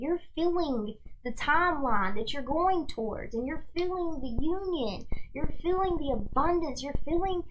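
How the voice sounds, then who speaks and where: A woman's voice: a little high, slight background noise, poor audio. A young woman hosting a casual livestream who tells stories in a chatty way, full of "like" and "y'all". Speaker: host and tarot reader.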